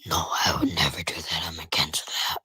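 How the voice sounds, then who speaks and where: A man's voice: rumbling low, flat delivery, moderate pace, bright, forceful tone, slightly rough, dry recording. A man in his forties calling in, sleepy and hesitant, speaking in a near whisper. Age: 40s. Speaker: caller.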